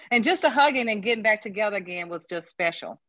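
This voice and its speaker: A woman talks as a guest on a video call panel. She gushes and rambles, laughing often. Her voice sits at a medium pitch and sounds dry, with no room around it. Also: lively intonation, fairly quick, fairly bright tone, dry recording. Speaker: sales consultant on a panel. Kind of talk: casual chat on a video call.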